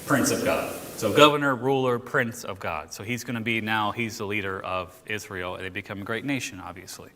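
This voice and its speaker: A man teaching a Bible class in a church room, reading scripture aloud and explaining it in a relaxed, joking way while quizzing his listeners. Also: fairly low pitch, fairly quick, hardly any pauses, big-room sound.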